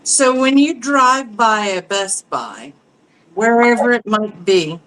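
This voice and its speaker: A woman's voice: a little high, lively intonation, slow pace, fairly bright tone, rough recording. A woman on a casual live stream, asking teasing questions.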